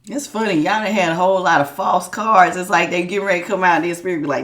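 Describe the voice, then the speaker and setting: A Southern woman from the United States does a chatty tarot reading while sick with a sore throat, speaking quickly with a fairly low pitch and fairly bright tone. Folksy and casual, she calls her listeners y'all and baby.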